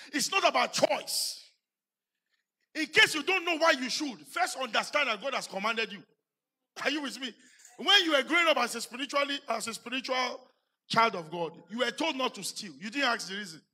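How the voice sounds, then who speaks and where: A man with a Nigerian English accent preaching a sermon in a church, building to shouted emphasis and putting questions to the congregation. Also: extremely high pitch, breathy edge. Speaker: pastor.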